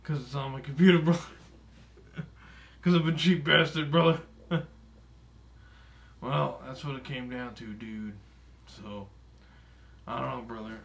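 A man's voice: medium pitch, steady tone, unhurried, vocal fry, pauses often, a bit bright. A man voicing a boastful, broke, aging male pro wrestler for comedic gameplay commentary, swearing often, chuckling and calling everyone brother or dude. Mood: grumbling. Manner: tacks brother or dude onto nearly every phrase.

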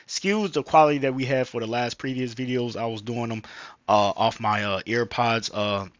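A man's voice: medium pitch, normal speed, dry recording, muffled recording. A man vlogging casually into a headset mic, rambling with slang, profanity and lots of fillers. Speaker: vlogger reacting to a video. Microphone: gaming headset microphone.

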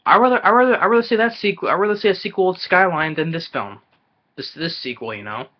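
A man's voice: high voice, animated, quick pace. A man ranting in a movie trailer reaction video. He stumbles, restarts and repeats himself in exasperation. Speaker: movie reviewer vlogger. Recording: dull lo-fi recording.

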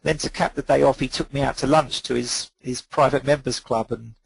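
A man's voice: medium pitch, fairly even intonation, brisk, gravelly, slightly rough, dry recording, poor audio. A middle-aged man, a photographer guest on a webinar call, telling rambling anecdotes full of ums and quoted dialogue. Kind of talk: relaxed anecdotal storytelling.

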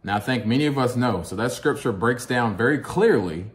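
A man's voice: medium pitch, animated, a little fast. A man with a Kentucky accent giving an earnest sermon-style teaching as a guest speaker, often checking in with the listeners by asking "amen?" and "right?". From Kentucky, USA.

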